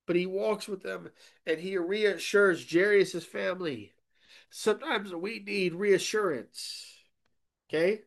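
A man preaching a sermon as a pastor, emphatic, often checking in with "okay?", and swinging between loud emphasis and quiet asides. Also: sits high, slow pace, gravelly.

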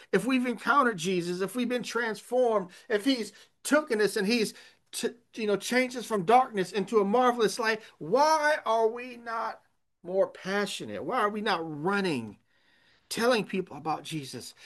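A man's voice: high voice, lively intonation, normal speed, fairly bright tone. A man pastor preaching a sermon, earnest and emphatic, asking rhetorical questions.

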